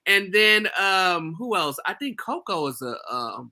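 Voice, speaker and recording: A livestream host interviewing a guest in a lively, giggly, affectionate way. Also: medium pitch, a little slow. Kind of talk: casual interview chat.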